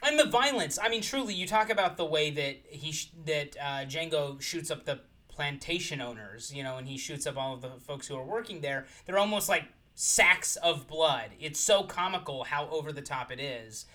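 Man, podcast guest, bright tone, slightly high pitch, enthusiastic, articulate, ums. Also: animated, moderate pace, hardly any pauses. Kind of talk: casual film discussion.

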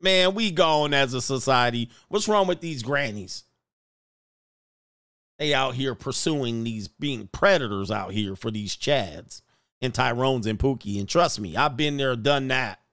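A man's voice: mid-range voice, expressive, unhurried, fairly bright tone, no room sound, studio quality. A man reacting to video clips in casual, crude, exasperated commentary.

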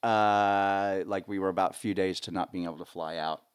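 A man's voice: low voice, moderate pace, smooth. A middle-aged man from the United States, a live sound rigger, telling rambling stories in a casual interview. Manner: rambling, lots of fillers, animated voices when quoting.

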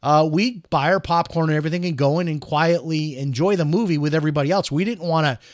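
A man's voice: a little high, fast talker, no room sound, clean studio sound. A middle-aged man hosting a casual news commentary show, chatting in a rambling way with plenty of fillers and restarts. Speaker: show host.

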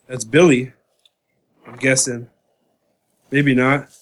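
A man co-hosting a movie watch-along, trading deadpan jokes and mock fun facts. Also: medium pitch, slow. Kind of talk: casual chat over a movie. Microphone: remote online connection. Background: film soundtrack music.

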